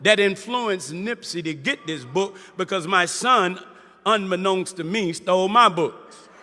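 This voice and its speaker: Very high, piercing male preacher. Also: a little slow, sharp tone. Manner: impassioned preaching with call-and-response asides. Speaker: minister. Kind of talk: sermon. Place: large hall before a congregation. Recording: reverberant hall with faint crowd.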